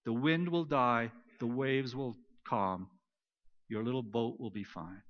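A pastor preaching a sermon, retelling stories and moving between loud emphasis and soft, hushed lines. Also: male voice, mid-range voice, a little slow. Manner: storytelling, swings between loud emphasis and near-whispered quiet. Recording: dull lo-fi recording.

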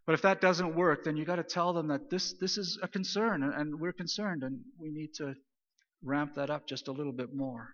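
A man preaching a sermon, retelling scripture in a casual, animated paraphrase. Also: a little high, moderate pace. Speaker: pastor. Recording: dull lo-fi sound with long hall reverb.

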